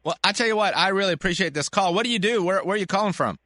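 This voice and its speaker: A man hosts a call-in sports medicine radio show in an animated, chatty way. His voice is bright and a little high. It sits close and dry on the studio mic. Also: rapid-fire, no room sound. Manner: animated, chatty, laughs easily.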